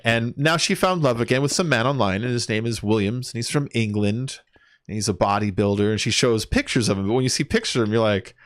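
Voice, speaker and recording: A man's voice: mid-range voice, fast, no room sound. Young man, game streamer, rambling chat, swears, dry close sound. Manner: rambling, swears, sings and counts aloud while playing. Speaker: gaming streamer. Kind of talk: casual gameplay chat.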